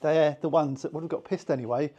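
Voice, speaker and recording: British male instructor, fairly high voice, chatty and informal, slips into quick character voices. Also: warm tone, slightly rough, highs cut off. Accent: British English. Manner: chatty, acts out little voices and scenes. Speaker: hypnosis instructor. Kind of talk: informal teaching to a small group.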